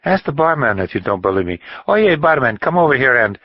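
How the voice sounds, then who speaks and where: A man's voice: fairly low pitch, big pitch swings, quick pace, dry recording, muffled recording. A man reading an audiobook and voicing an eager little older man who insists he spoke to the bullfighter. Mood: excited. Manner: eager, insistent, rising to exclaim.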